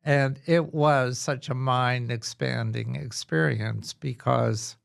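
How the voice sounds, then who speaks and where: A man hosting an interview podcast, speaking in a measured, appreciative way. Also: medium pitch, fairly even intonation, vocal fry, clear, resonant tone. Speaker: podcast host. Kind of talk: conversational interview.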